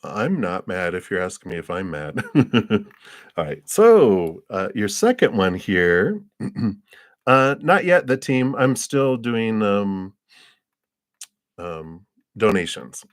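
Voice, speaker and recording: A man giving a live-streamed tarot card reading. He rambles in an unhurried way, with many fillers and soft laughs between thoughts. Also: lowish voice, sing-song, dry recording, clean studio sound.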